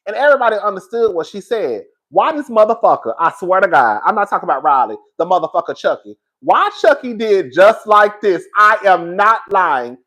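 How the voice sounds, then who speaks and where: Barely pausing, a man with a high voice talks fairly quickly through reality show commentary aimed right at his viewers. He tells it dramatically, hammering points through repetition, cursing openly, and addressing everyone as "girl."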